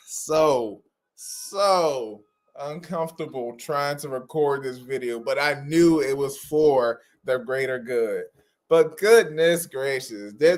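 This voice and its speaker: A man hosting a livestream for sign language interpreters, talking casually and informally to viewers, often repeating phrases for emphasis. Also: on the high side. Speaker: host of an interpreting practice livestream.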